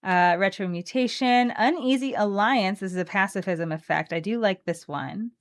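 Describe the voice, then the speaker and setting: A woman's voice: medium pitch, normal speed. A woman co-hosting a card game stream, chatting playfully and reading card text aloud. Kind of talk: casual chat opening card packs.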